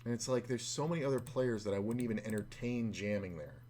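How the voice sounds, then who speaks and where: A man's voice: mid-range voice, fast, warm tone, a little hiss or hum. A man streaming online poker and telling a rambling, profane story in a casual way. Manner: profane, rambling, full of fillers.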